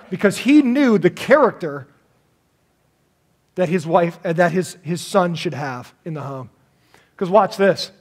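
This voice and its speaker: High-voiced, animated pastor preaching. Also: male voice. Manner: animated, jokey, acts out little voices. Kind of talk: sermon.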